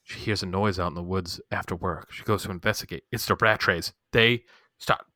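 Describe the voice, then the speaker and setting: A man's voice: low voice, fairly even intonation, a little fast, pushed and bright, dry recording, clean studio sound. A man co-hosting a podcast, recapping a TV episode in casual chat, swearing freely and acting out the characters' lines. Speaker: podcast co-host.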